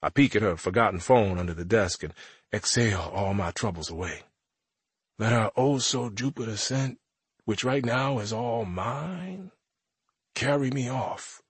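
A man's voice: fairly low pitch, expressive, unhurried, breathy edge, dry recording. A man narrating an audiobook in the first person as a teenage boy, with a wry, conversational delivery.

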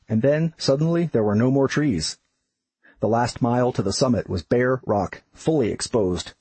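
A man narrates his own memoir in a steady, descriptive way. His voice is very husky and breathy, pitched in the middle range for a man. The recording is dry and close, with no room sound. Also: no room sound, poor audio.

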